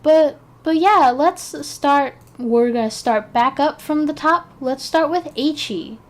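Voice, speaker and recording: On a casual live stream, a tired woman chats and mumbles to herself while she works, yawning and poking fun at herself. Her high-pitched voice takes things slowly.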